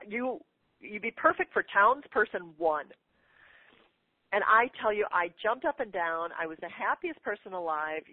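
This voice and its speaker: A middle-aged woman telling a lively personal story as a guest on a radio interview. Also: mid-range voice, no echo. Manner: lively, animated anecdote-telling. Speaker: guest author. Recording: tinny phone line, dry.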